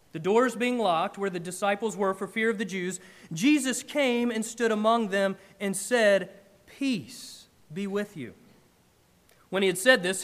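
A man preaching a sermon in church, emphatic and animated, with big swings in loudness. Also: sits high. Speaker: pastor.

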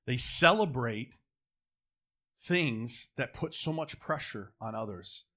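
A middle-aged man preaching a sermon, moving between quiet, close asides and loud, emphatic calls to the congregation. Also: medium pitch, expressive, slow pace.

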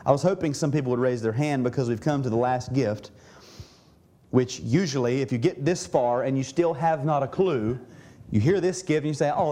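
A man's voice: mid-range voice, warm tone. A man preaching a sermon in a church, earnest, often restarting and repeating words as he teaches. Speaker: pastor.

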